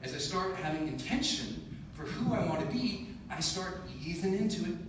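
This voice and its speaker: A man giving a live motivational keynote in a large conference hall, telling a story in an animated, emphatic way with self-deprecating humor. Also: high-pitched, normal speed, slight background noise. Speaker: motivational speaker. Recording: echoey hall, distant mic, audible room ambience.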